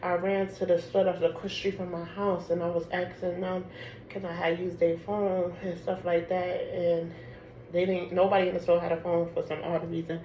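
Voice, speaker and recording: A woman's voice: lowish voice, a little fast, lo-fi sound. Chatty New woman telling a story. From Harlem, New York. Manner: animated, chatty, peppered with "like". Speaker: storyteller vlogger. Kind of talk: casual storytime chat. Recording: echoey room with background noise.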